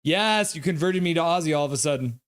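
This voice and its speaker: A man's voice: fairly high pitch, expressive, fast talker, no room sound. A young man hosting a live stream, calling hockey play-by-play in a jokey, chatty way and reading viewer comments aloud. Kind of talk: live play-by-play and chat reaction.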